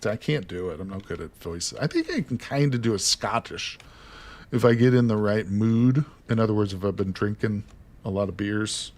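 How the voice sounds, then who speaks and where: A man's voice: on the low side, moderate pace, a little mellow. Joking American man streaming a game. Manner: joking, teasing, swears casually. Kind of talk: casual live-stream chat.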